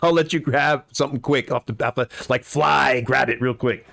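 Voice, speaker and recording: A man's voice: medium pitch, steady tone, moderate pace, vocal fry, bright, forceful tone. A man narrating a tabletop game as game master, rambling with lots of fillers.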